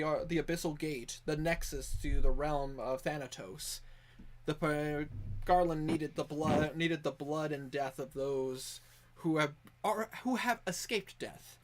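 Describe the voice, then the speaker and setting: Dm guy on a voice call, kinda high voice, laughs a lot and trips over his words recapping the campaign. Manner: laughs often, restarts mid-phrase. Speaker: game master. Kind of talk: casual chat and recap narration of a tabletop game. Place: online voice call.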